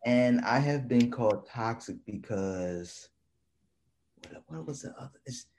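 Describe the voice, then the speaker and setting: Animated, teasing man with a northern accent. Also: mid-range voice, a little slow. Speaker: podcast co-host. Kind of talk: casual chat.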